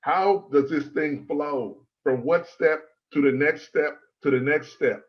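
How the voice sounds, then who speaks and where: A man giving a prepared presentation as a speaking coach, measured and emphatic, building his points in lists of three. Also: fairly high pitch, muffled recording.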